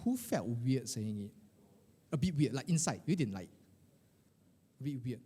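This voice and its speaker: A middle-aged man, coaching a live group of financial advisors in a lively, colloquial way, firing questions at the room. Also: mid-range voice, moderate pace, slightly rough. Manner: animated, questioning the audience, colloquial with "lah" and "eh". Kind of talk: motivational workshop talk to a live group.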